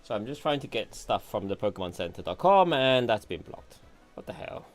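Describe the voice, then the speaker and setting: A man's voice: mid-range voice, sing-song, brisk, faint music behind. A man giving casual commentary while playing a video game, thinking aloud and muttering to himself. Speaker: gameplay streamer.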